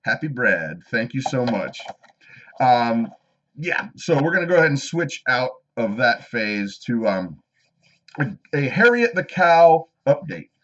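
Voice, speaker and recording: A man's voice: medium pitch, big pitch swings, unhurried, a bit bright. A man hosting a homestead live stream, chatting casually and reading out viewer comments as he goes. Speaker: homestead channel host. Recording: slightly dull lo-fi live stream audio.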